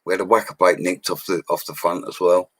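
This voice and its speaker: A man's voice: low voice, little pitch movement, fairly quick, slightly rough, no echo, low-quality recording. A man of forty with a London accent, telling stories about his bricklaying work in a casual, blunt way. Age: 40s. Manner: chatty and blunt, with slang and mild swearing. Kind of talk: casual storytelling livestream.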